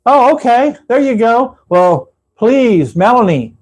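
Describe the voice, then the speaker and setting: A high-voiced Texan man chatting loosely on his livestream from his room at home. He rambles from story to story and laughs at his own jokes. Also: very animated, slow, darkish tone, low-quality recording. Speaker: livestream host. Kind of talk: casual live chat with viewers.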